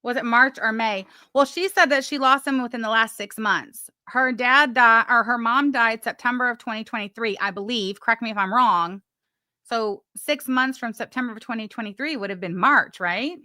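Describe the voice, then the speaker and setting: A woman's voice: a little high, moderate pace, bright, forceful tone, dry recording, clean studio sound. A woman hosting a casual live stream, chatting, reading messages aloud with mock drama and swearing freely.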